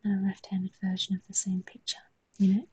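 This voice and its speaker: A woman's voice: medium pitch, completely flat delivery, fairly quick, darkish tone, breathy edge, low-quality recording. A woman with a London accent, chatting casually on a live stream while she draws, joking, swearing and reading chat aloud.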